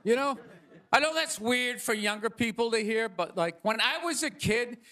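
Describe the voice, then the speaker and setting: A male stand-up comedian ranting with exasperated bursts of shouting, on stage before a live audience. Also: extremely high pitch, animated, moderate pace. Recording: audience laughter and noise.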